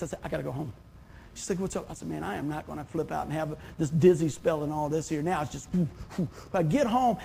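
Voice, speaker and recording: A middle-aged pastor preaching in a high, gravelly voice with a husky edge. He talks to his congregation casually, then breaks into sudden loud exclamations. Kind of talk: sermon.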